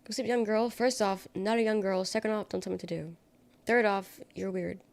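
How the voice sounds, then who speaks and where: A young woman streams live, her voice gravelly with a noticeable fry at mid pitch. She rambles through casual chat and answers viewer comments with sarcastic quips, speaking into a desk mic. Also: steady tone, moderate pace. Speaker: livestreamer.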